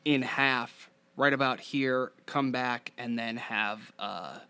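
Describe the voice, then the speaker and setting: A man's voice: mid-range voice, fairly even intonation, slow, bright, forceful tone, smooth. A man hosting his own podcast, rambling casually with many fillers and restarts, later reading a screenplay aloud. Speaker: podcast host.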